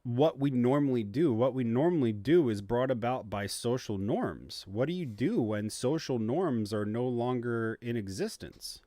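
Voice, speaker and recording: A man's voice: mid-range voice, expressive, measured pace, few pauses, dark tone, no echo. A man hosting a casual livestream chat, thinking aloud hesitantly with many ums. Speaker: host.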